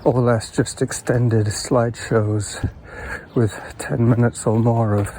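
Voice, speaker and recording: A podcaster vlogs his morning walk along a golf course trail on a chest-mounted camera, rambling casually and greeting passersby, with outdoor noise clearly behind him. His medium-pitched voice is warm and slow, with little pitch movement.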